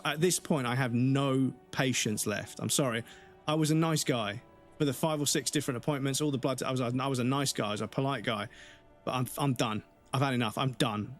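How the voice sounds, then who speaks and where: A man's voice: mid-range voice, steady tone, a little fast, soft background music. A man streaming a game live, chatting casually with viewers and venting his exasperation in a rambling way.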